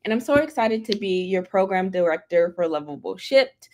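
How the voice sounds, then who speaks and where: A woman hosting a live stream, excited and chatty, greeting viewers and reading out the chat. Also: mid-range voice, normal speed, a little hiss or hum. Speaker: livestream host, head of community. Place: Atlanta.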